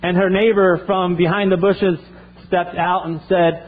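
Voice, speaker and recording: An earnest male pastor delivering a sermon, often circling back and restarting his phrases. His voice is fairly high, and the recording sounds thin and phone-like. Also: level tone, measured pace.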